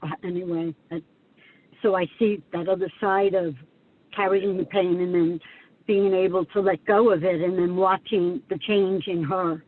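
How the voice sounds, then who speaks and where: Emotional halting man on a phone line. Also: high-pitched, level tone. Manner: halting, emotional, searches for words. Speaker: student asking a question.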